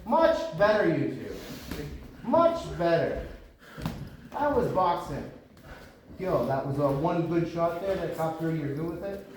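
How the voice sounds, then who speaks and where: A man's voice: on the high side, animated, normal speed, a little mellow, slight background noise. A man from Canada, a boxing coach giving his fighters a blunt talk about speaking up, in a gym. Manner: blunt, lecturing. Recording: echoey gym from far off.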